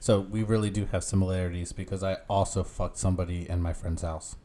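Low-voiced man in casual banter. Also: steady tone, fast talker, warm tone.

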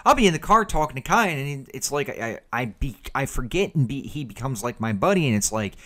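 A man co-hosting a podcast in casual chat. He rambles loosely with plenty of fillers, and his pitch moves around a lot. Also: very animated, fairly quick, sharp tone. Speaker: podcast co-host.

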